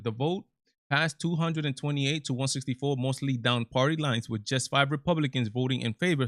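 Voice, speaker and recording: A man's voice: mid-range voice, a bit bright, no room sound, studio quality. A man hosting his own live commentary stream, talking emphatically with many repeats and restarts. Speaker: show host.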